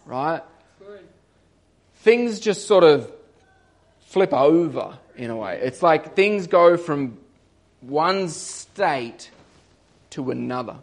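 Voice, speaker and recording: A young man giving a casual sermon, telling a story and acting out the voices of its characters, rising to loud emphatic peaks. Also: a little high, animated, extremely slow, long pauses. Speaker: preacher.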